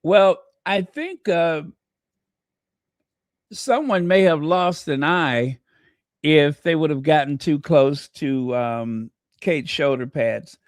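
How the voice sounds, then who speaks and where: A man's voice: on the high side, expressive, takes it slowly, no room sound, clean studio sound. A man hosting a casual livestream, trading snarky gossip, thanking viewers and breaking into bits of song. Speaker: livestream host.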